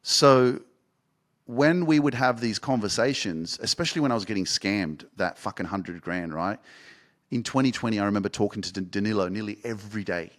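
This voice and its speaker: Low-voiced man telling a candid story. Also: fairly quick. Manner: candid, swears freely, rambling with restarts. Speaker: podcast host and life coach. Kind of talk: casual storytelling monologue.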